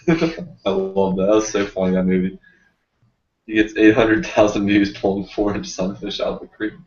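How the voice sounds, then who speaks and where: A man's voice: fairly low pitch, monotone, normal speed, darkish tone. A man hosting a casual fishing live stream, laid-back and rambling with fillers. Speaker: fishing channel host. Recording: roomy muffled stream audio.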